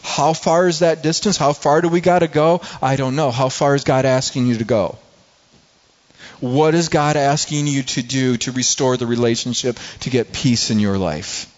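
Speaking at normal speed in a mid-range voice with fairly even intonation, this middle-aged pastor delivers a sermon. He tells personal stories earnestly, restarting often, and the lo-fi recording is slightly dull.

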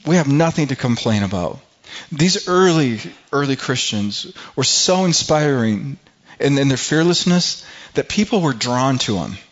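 A man's voice: mid-range voice, expressive, unhurried, highs cut off. A middle-aged man preaching a sermon as pastor in a church, often restarting and repeating words as he builds to emphatic peaks.

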